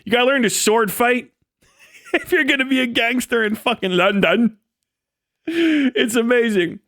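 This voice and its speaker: High-voiced man in a profane comedic rant. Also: unhurried, bright, forceful tone, no room sound, clean studio sound. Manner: profane, rambling, mocking. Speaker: livestream host. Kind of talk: comedic rant on a live stream.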